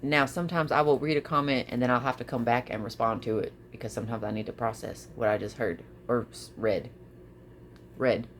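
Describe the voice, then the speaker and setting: A woman vlogging casually to her viewers, expressive, often repeating her phrases and laughing. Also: a bass voice, fast, hardly any pauses, a little hiss or hum. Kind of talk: casual talk to camera.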